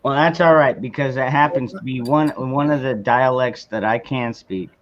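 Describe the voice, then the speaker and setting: Man, stream host, relaxed jokey chat, mid-pitched, dull lo-fi audio. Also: moderate pace. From southwestern Arizona. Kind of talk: casual chat.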